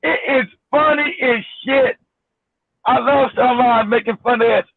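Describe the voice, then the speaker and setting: High-voiced man mocking over phone line. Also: fairly even intonation, a little slow, dry recording. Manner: mocking, laughing, rambling. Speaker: show host. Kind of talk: casual commentary. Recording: dry tinny phone-like line.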